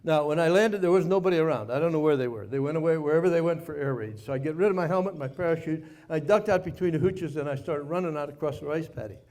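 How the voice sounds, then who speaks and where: An older man giving a speech to a live audience, telling a war story in a folksy, self-mocking way with dramatic pauses. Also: a little high, a little mellow. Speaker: guest speaker, former Navy pilot. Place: party venue before a live audience.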